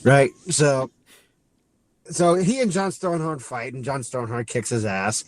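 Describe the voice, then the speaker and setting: A man with an animated mid-range voice co-hosts a podcast, casually recapping a movie. His delivery rambles, and he acts out lines while making quick asides.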